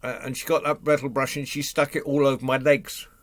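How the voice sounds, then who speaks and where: A man's voice: medium pitch, level tone, dry recording, natural voice. A man voicing a confused robber chief who keeps losing track of his own tale. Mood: muddled. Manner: muddled, halting, rambling. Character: bruised, forgetful robber chief.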